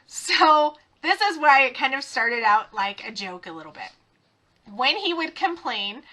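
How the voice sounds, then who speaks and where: A middle-aged woman hosting a podcast, talking in a chatty, animated way and laughing often. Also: high voice. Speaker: podcast host. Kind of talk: casual podcast monologue.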